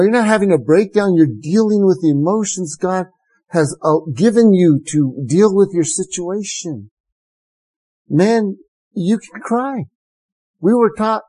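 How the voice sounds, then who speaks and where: A pastor preaching a sermon in a conversational, emphatic way, with sudden high excited bursts. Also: male voice, dry recording.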